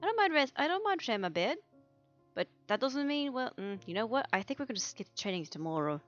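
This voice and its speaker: Brief: a woman playing a big weepy softie of a man, high, jumpy pitch, dull lo-fi sound. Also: very animated, a little fast, soft background music. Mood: fond. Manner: high fretful voice, frantic and doting. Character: big soft-hearted young man, easily worried and weepy.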